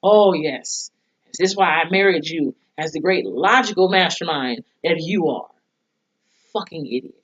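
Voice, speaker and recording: A woman's voice: low-pitched, expressive, a little slow, husky. A woman reviewing a TV episode in a casual vlog, ranting heatedly with profanity and sarcastic asides. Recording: dull lo-fi sound.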